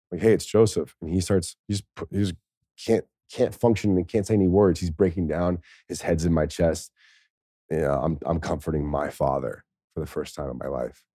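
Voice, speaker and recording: A man's voice: deep voice, warm tone, no room sound, studio quality. A man, a former pro football player, telling a story in a rambling, profane way and laughing often. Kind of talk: casual storytelling.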